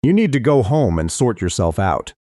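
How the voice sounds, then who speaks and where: A man's voice: fairly low pitch, very animated, normal speed, mellow, dry recording, studio quality. Man putting on a cold, scornful woman neighbor. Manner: contemptuous, dismissive.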